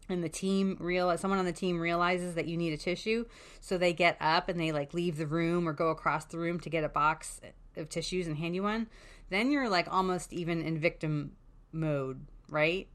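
A woman's voice: fairly low pitch, a bit bright. A woman talking candidly as a parent advocate, giving casual, frank advice and swearing freely.

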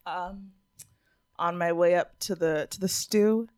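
A woman's voice: on the low side, slow pace. A young woman co-hosting a podcast, telling a story in casual chat and acting out what people said, often laughing. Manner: animated storyteller, acts out quotes, laughs often. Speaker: podcast co-host.

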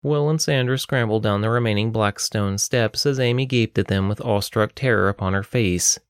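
Male storyteller, low voice, dry close recording. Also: moderate pace, smooth, no room sound. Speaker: narrator. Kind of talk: reading a story aloud.

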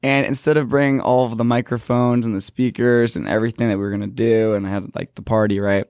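A young man who works in children's ministry, casually recapping a trip on a talk show in a relaxed, filler-heavy way. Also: mid-range voice, fast talker, clear, resonant tone, no echo, clean studio sound.

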